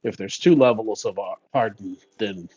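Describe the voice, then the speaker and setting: A man at the table of a role-playing game chats casually about rules and answers in character with quick amusement. His voice sits low, and the recording is dull and lo-fi. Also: mellow, slightly rough, dry recording. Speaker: player. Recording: dull lo-fi sound.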